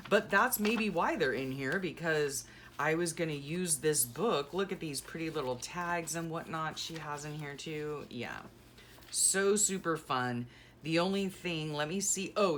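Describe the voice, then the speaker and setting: Middle-aged woman vlogger, low-pitched, sentimental and chatty, faint hiss behind her. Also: fairly bright tone. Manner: sentimental, gushing exclamations; rambling, self-correcting asides. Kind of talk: casual chat while packing.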